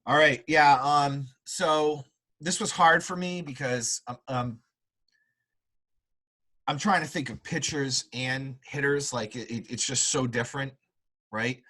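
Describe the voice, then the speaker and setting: A man hosts a laid-back sports podcast, spinning long, lively stories packed with fillers. His voice sits in the middle range and moves a little slowly, and the audio quality is poor.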